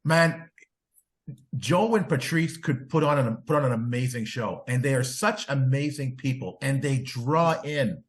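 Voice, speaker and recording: A man hosting a podcast in casual chat, excitable, his voice climbing when he gets going. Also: medium pitch, measured pace. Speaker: podcast host.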